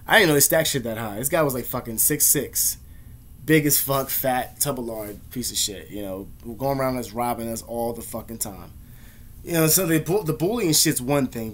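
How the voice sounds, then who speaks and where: A young man vlogging, telling casual, slangy, profanity-heavy stories in a laid-back way. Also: medium pitch. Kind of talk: casual storytelling.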